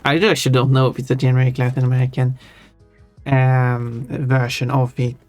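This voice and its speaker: A man's voice: medium pitch, flat delivery, normal speed, darkish tone, faint music behind. A man livestreaming while he draws, chatting casually and thinking aloud, often stopping to correct himself mid-sentence. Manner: rambling, thinking aloud with frequent self-corrections. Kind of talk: casual chat while drawing on stream.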